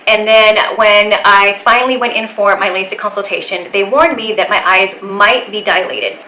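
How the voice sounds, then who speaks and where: A woman's voice: medium pitch, bright, forceful tone, reverberant, slight background noise, poor audio. A woman vlogger talking casually to camera, explaining carefully, with a slight lisp from a bitten tongue.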